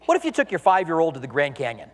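A man preaching a sermon as a pastor, animated, acting out the voices he quotes. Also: a little high, very fast, big-room sound.

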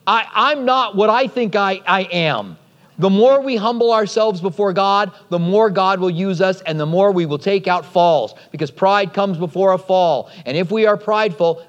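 A man preaching a sermon in a lively, conversational way, with joking asides. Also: sits high, dull audio. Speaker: pastor. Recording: long hall reverb.

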